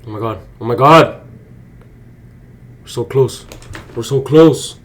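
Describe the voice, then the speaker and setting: Excitable young man narrating his trades. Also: mid-range voice, measured pace. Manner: slangy, excitable, swears freely, talks to viewers. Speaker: day trading vlogger. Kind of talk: casual live commentary while trading.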